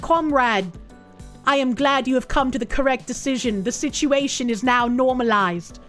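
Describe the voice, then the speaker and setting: A smug mock Soviet comrade, put on by a woman in a half-hearted, flimsy Russian accent. The voice sits fairly high. Faint music plays underneath. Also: sing-song, unhurried, bright, forceful tone, full character voice. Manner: attempted Russian accent, admittedly poor.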